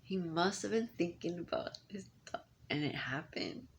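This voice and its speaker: A woman in her thirties rambles through a casual monologue, often restarting and going off on asides. Her voice sits a little low and has a gravelly fry to it. A faint hiss of background noise runs under the recording. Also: expressive, normal speed. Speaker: parent.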